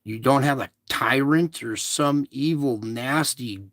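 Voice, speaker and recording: Man, show host, casual spiritual talk, repetitive reassurance, slow delivery, mid pitch. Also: fairly bright tone, no echo, studio quality.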